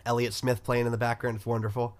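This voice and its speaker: A young man co-hosting a casual movie podcast, his voice at an ordinary middle pitch. He sounds relaxed and slangy and drops "like" into almost every thought. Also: quick pace. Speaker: podcast co-host.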